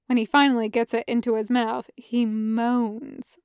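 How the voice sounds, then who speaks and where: A woman reading a fan fiction audiobook in a light, brisk narrating voice. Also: fairly high pitch, little pitch movement, a little mellow, clean tone, dry recording, clean studio sound. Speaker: podfic reader.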